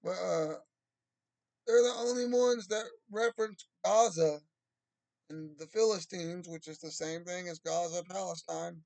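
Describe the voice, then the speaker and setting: Agitated ranting man, gravelly voice. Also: high voice, unhurried, no room sound, poor audio. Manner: agitated, rambling, bursts into shouting. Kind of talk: heated monologue rant.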